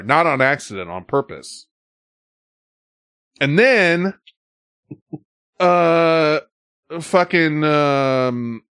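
A man telling a story in casual podcast chat, swearing freely and shouting when he acts out the scenes. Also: fairly high pitch, no room sound, studio quality. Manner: profane, animated storyteller who shouts when acting out scenes.

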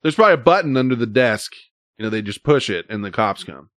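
A man's voice: mid-range voice, lively intonation, fast, a bit bright, no echo, studio quality. A man in casual conversation, telling a long, exasperated story that wanders and swears freely. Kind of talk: casual chat.

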